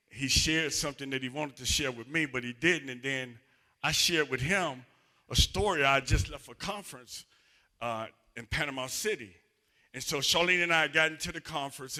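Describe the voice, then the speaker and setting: A man preaching a sermon as associate minister, telling a story with excitable, animated energy and acting out the dialogue in it. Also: medium pitch.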